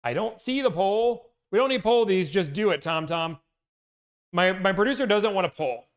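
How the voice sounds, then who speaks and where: A man with a high voice and lively intonation hosts a livestream at normal speed, reading through a list and playfully dropping in movie-quote impressions. It's casual livestream chat, recorded on a loud, peaking mic.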